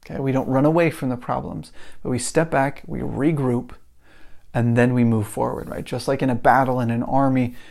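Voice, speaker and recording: A man with a gravelly, creaky edge to his voice hosts a solo podcast from his desk. He talks casually and rambles a bit, restarting his sentences as he works through his examples. His pitch sits in an ordinary middle range. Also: fairly even intonation, normal speed, darkish tone. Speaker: podcast host.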